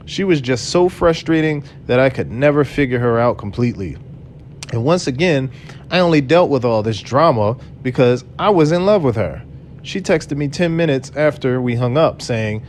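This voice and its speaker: A man's voice: medium pitch, expressive, moderate pace, darkish tone, slight background noise. A man earnestly retelling a personal story, reading out his own messages. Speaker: channel host telling his own story. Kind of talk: personal storytelling read aloud.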